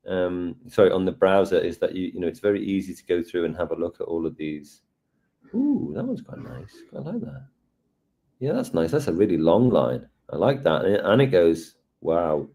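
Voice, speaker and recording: A man with a lowish, mellow voice co-presents a live design lesson. He talks in a relaxed way and thinks aloud as he tries things on screen. Warm and unhurried in tone.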